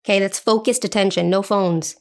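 A woman's voice: mid-range voice, fairly even intonation, fairly quick. A woman hosting a podcast in a casual solo chat, playful and chatty, often checking in with the listener. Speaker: podcast host.

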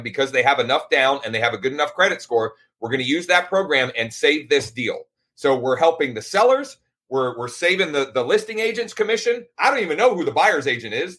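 A man's voice: a little high, bright, forceful tone. A man hosting a casual live show, talking in a loose, rambling way with frequent restarts. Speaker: host.

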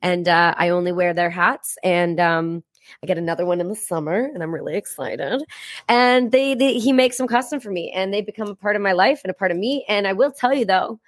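A woman in her thirties, a podcast guest, talking in a blunt, profane and energetic way in a casual interview. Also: mid-range voice, fairly quick, no echo, studio quality.

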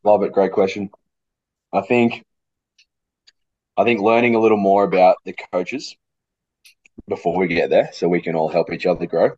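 A man, a coach speaking as a podcast guest, thoughtful and pausing to repeat words, with a cough. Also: low-pitched, a little mellow, dry recording, highs cut off. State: coughing fit. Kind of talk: casual interview chat.

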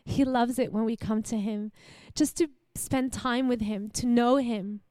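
An Australian woman in her young adult years gives a church sermon in a high, clear voice. She speaks warmly and conversationally, asking the congregation questions. The sound is close and dry. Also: unhurried, no room sound. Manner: warm, animated, laughs often, asks the audience questions. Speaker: preacher.

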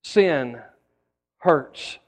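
A man's voice: a little high, lively intonation, very slow, in a large hall. A man preaching a sermon as pastor, telling stories with folksy asides and repeated words.

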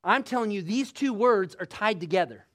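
A man preaching a sermon emphatically, asking the congregation rhetorical questions and rising to loud bursts. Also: high-pitched, expressive, normal speed.

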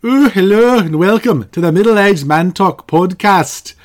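A man's voice: sits high, animated, faint music behind, voice pushed up. A man putting on a hammy fake-Scottish announcer. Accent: exaggerated fake Scottish. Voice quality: loud, slow, drawn-out delivery. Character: mock Scottish male podcast announcer, hammy.

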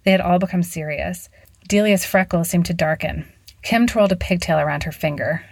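A woman narrating a story in an even, measured reading. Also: lowish voice, gravelly, dry recording.

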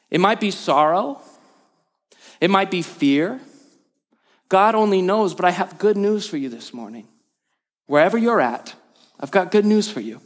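High-voiced pastor preaching. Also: male voice. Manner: energetic, emphatic repetition, call and response. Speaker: lead pastor. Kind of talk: sermon. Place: church hall.

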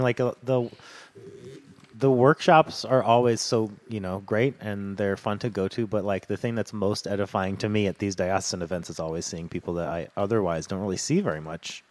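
Man co-host, lowish voice, relaxed and rambling. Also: brisk. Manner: relaxed, chatty, many fillers and murmured agreement. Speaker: podcast co-host. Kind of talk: casual church podcast chat.

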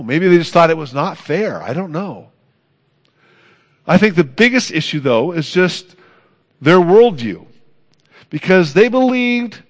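A man preaching a sermon as pastor, earnest, building to emphatic peaks and then dropping soft. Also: a little high.

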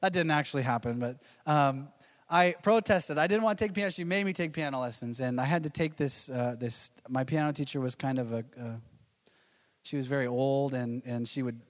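A man's voice: medium pitch, brisk, long reverb tail. A man in his thirties preaching a sermon to a church, telling stories with quoted voices and chuckles. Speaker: pastor.

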